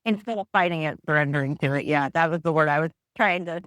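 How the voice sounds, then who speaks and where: A woman's voice: deep voice, fast talker, fairly bright tone, no room sound. A woman guest in a podcast interview, speaking candidly and reflectively with frequent restarts.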